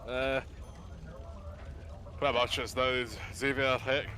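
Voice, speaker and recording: Man, dungeon master, chatty tabletop narration, clear bright tone, mid pitch. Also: flat delivery, takes it slowly, slight background noise. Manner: chatty, with many restarts and asides. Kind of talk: narrating a live tabletop game.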